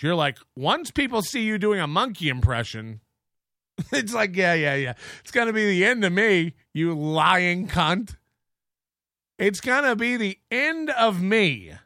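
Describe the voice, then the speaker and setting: A man's voice: high voice, sing-song, moderate pace, bright, forceful tone, no room sound, clean studio sound. A male show host ranting crudely and mockingly about a viewer dispute, laughing at his own jokes.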